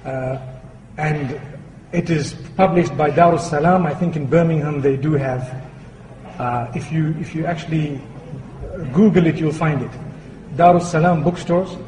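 A man's voice: fairly high pitch, fairly even intonation, a little slow, a little mellow, slight background noise. A man giving an Islamic talk, telling a story with humor and acting out voices. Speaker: Islamic speaker. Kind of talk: sermon with anecdote. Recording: echoey hall with reverb.

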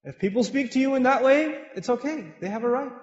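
Male preacher from Pakistan, lively humorous sermon, long hall reverb. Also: extremely high pitch, fairly quick. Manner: animated, humorous storytelling. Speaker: mosque lecturer. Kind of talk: sermon with personal stories. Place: mosque hall with women's gallery upstairs. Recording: echoey hall, dull sound.

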